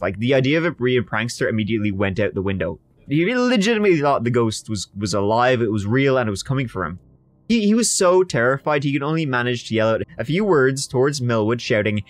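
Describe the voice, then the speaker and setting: A man's voice: mid-range voice, dry recording. A British man co-hosting a podcast, telling a true crime story in a casual, jokey way and acting out quotes. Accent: British English. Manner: animated, jokey, acts out quotes in bursts. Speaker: podcast co-host.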